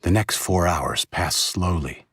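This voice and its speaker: Male audiobook narrator, low husky voice, steady delivery, dry close sound. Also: takes it slowly, no room sound. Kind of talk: first-person audiobook narration.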